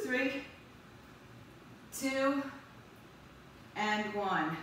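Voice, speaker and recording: Leading a live workout class, this female instructor keeps the group going with quick count cues and cheerful encouragement. She speaks at a medium pitch with lively intonation and a slightly bright tone. The mic is distant in a very echoey room, with faint background noise.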